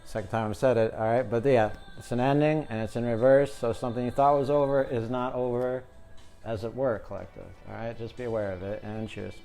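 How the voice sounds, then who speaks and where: A man's voice: mid-range voice, steady tone, brisk, dark tone. A man giving a casual, jokey tarot reading, talking to his viewers as the collective. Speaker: tarot reader. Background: music.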